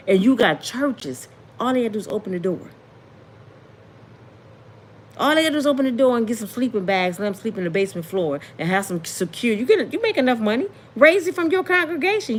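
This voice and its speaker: A woman's voice: a little high, expressive, moderate pace. A woman rants in a casual commentary, preachy and indignant. She keeps asking rhetorical questions in loose, everyday speech. A faint hiss of noise sits under her voice. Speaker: commentary vlogger.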